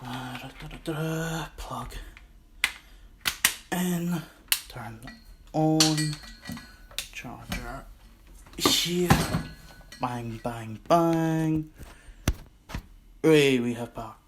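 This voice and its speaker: A man's voice: a little high, very slow, long pauses, heavy background noise. A man with a Scottish accent hosting his own podcast, rambling and self-mocking in a casual solo monologue. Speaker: podcast host.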